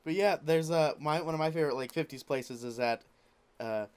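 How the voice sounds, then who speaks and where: A man with a smooth, clean voice pitched a little above the usual, co-hosting a podcast. He chats in a playful, jokey way and swears freely. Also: brisk. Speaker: podcast co-host. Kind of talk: casual chat.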